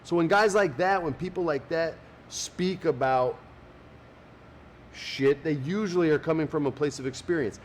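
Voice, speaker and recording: A man's voice: a little high, normal speed, a little hiss or hum. A man co-hosting a podcast, chatting casually and swearing freely. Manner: swears freely, acts out quoted people in animated voices. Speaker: podcast co-host. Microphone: podcast studio mic.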